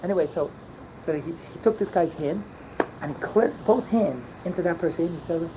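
A man's voice: on the high side, brisk. An older man telling a long story, often raising his voice and mixing in Yiddish and Hebrew words. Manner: yelling and emphatic. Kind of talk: animated storytelling. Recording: dull lo-fi recording with loud background noise.

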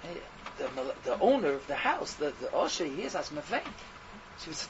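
A man's voice: on the high side, a little fast. A man telling a Hasidic tale in a rambling, repetitive way. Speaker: storyteller. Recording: dull recording with steady noise.

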